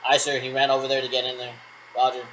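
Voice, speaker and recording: A man's voice: mid-range voice, monotone, quick pace, fairly bright tone, dull audio, slight background noise. A man talking through rambling radio checks, repeating military radio jargon in a meandering, one-sided way.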